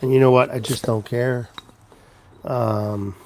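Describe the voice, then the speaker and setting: A man's voice: mid-range voice, fairly even intonation, slow pace, a little mellow, a little hiss or hum. A man hosting a casual live stream, rambling as he greets viewers by name and walks around his home with a handheld camera. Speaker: livestream host.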